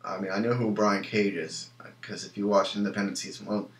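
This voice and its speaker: Young male reviewer, lowish voice, casual and opinionated, echoey room. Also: steady tone, a little fast. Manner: rambling, many ums and restarts, opinionated. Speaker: wrestling show reviewer.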